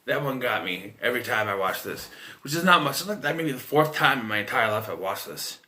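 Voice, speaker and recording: Bright-voiced, rambling man in his thirties. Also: on the low side, lively intonation, moderate pace. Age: 30s. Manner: rambling, swears freely, frequent restarts and fillers. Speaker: movie reviewer. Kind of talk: casual spoken film review.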